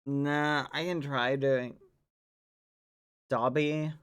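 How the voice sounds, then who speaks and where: A male streamer talks casually with his viewers, relaxed and a bit teasing. He speaks slowly in a mid-range voice, unhurried between thoughts. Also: mid-range voice, smooth.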